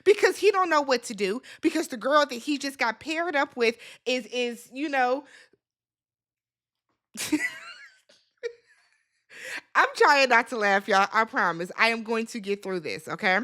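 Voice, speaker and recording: Sassy high-voiced woman vlogger. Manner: sassy, animated, talks straight to viewers as "y'all"; blunt and opinionated, quick swings in loudness. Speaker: recap vlogger, show host. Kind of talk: casual reality-TV recap commentary.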